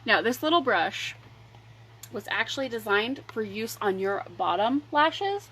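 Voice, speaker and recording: A woman hosting a casual makeup livestream, rambling chattily between applying mascara and pitching her products. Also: big pitch swings, measured pace, fairly bright tone, husky, rough recording. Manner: chatty and rambling, drifting between demo and sales talk. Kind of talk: casual makeup tutorial chat.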